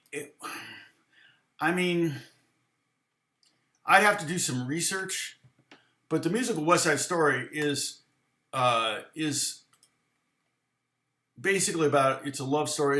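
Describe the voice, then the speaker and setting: Teaching guitar during a live stream, a man with a fairly high, sharp-toned voice takes viewer questions. He's animated but slow, leaving long pauses as he thinks aloud, rambles, and counts and scats rhythms. The room echoes noticeably.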